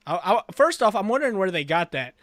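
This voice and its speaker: A man hosting a casual review podcast, talking in a jokey, animated way and acting out characters' lines. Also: high voice, a little fast, no echo, studio quality. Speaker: podcast host.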